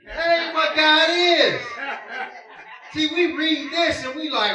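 High bright-voiced preacher in a roomy hall. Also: male voice, a little slow. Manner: emphatic, conversational preaching with call-and-response. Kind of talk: sermon. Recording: roomy hall sound, distant mic.

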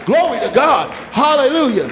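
Older male pastor, very high voice, shouting repetitive sermon cadence, echoing church hall. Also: very animated, moderate pace, some chatter behind. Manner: shouting, rhythmic repetition, chanted phrases.

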